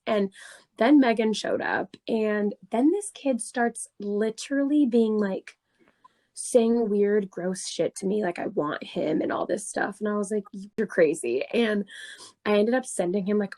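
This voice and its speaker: A young woman in her twenties telling a story on a casual podcast, animated, laughing often and swearing freely. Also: medium pitch, a little slow. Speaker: podcast co-host.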